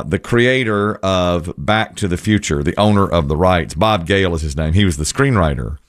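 A man's voice: low-pitched, dry recording, studio quality. A man hosting a casual radio chat, telling stories and giving opinions in a chatty way. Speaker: radio show host.

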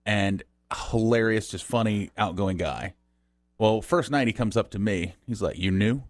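A man's voice: lowish voice, moderate pace, dry recording. Laid-back male co-host, dry studio sound. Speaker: radio show co-host. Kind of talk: casual anecdote-telling banter.

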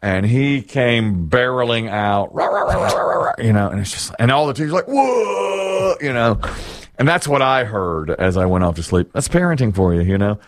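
A man's voice: lowish voice, lively intonation, moderate pace, dry recording, studio quality. A middle-aged man hosting a casual chat, telling rambling, self-deprecating stories and laughing often.

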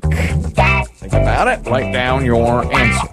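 Brief: male radio host, playful game-show patter, gravelly, animated. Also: mid-range voice, a little fast, over loud music. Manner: playful, sing-song game-show delivery. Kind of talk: morning radio banter and game hosting.

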